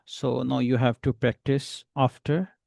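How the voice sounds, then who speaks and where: Male English teacher, slow and gravelly, dry close sound. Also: mid-range voice, little pitch movement, darkish tone, no room sound. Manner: slow, patient, repeats example phrases. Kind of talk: beginner English lesson.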